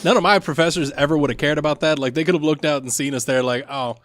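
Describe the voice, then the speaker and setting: A man's voice: fairly high pitch, fairly even intonation, quick pace, a bit bright. Rambling, laughing male podcast co-host. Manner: rambling, laughing, filler-heavy. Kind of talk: casual chat.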